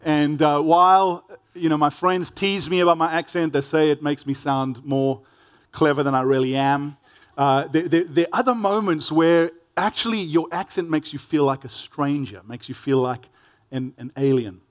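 A man with a South African accent preaching a sermon as a pastor, reading scripture and telling stories in an earnest, conversational way with gentle humor. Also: fairly high pitch, normal speed.

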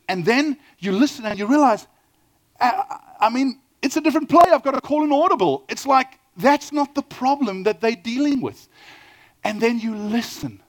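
Animated South African preacher man. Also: very high voice. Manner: animated storytelling, asks the audience questions, acts out quoted dialogue. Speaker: pastor. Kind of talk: sermon.

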